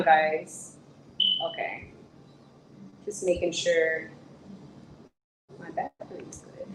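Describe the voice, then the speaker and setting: Animated woman live-streaming in an echoey room. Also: fairly low pitch. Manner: animated, emphatic, talks back to commenters. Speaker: vlogger answering live chat. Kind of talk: casual live-stream chat. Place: indoor room on vacation. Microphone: phone on a gimbal. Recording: echoey room, far from mic, noisy.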